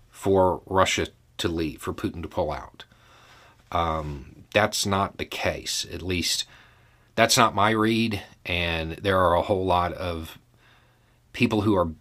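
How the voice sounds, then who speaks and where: Podcast host, male, low voice, slow, unhurried thinking-aloud delivery. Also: fairly bright tone. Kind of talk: casual solo commentary.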